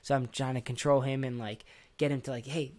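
A man's voice: medium pitch, flat delivery, a little fast, darkish tone. A young man co-hosting a comedy podcast in casual chat, rambling in a laid-back way with many ums. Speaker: podcast co-host.

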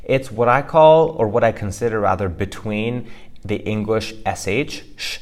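This language teacher co-hosts a casual instructional podcast, explaining pronunciation in a relaxed way full of fillers and restarts. His voice is on the low side and he keeps a moderate pace.

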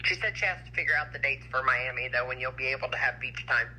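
A woman's voice: rumbling low, fast, bright, forceful tone, a little hiss or hum, rough recording. A woman calling in to a live stream, talking in an effusive, affectionate way. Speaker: caller. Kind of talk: casual call-in chat.

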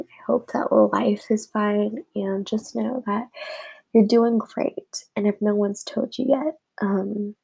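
A young woman speaks in a casual, rambling way as she thanks her friends one by one, emotional and sometimes sinking low. Her voice is mellow and dark, with a gravelly, husky grain. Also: rough recording. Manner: rambling, emotional, drops to a whisper at times. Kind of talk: casual heartfelt message to friends.

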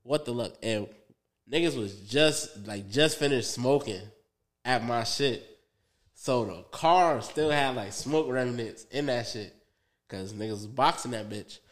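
A man's voice: mid-range voice, a little slow. A young man on a podcast, telling a rambling story in loose, profane slang with lots of fillers and asides. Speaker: podcast co-host. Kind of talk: casual storytelling.

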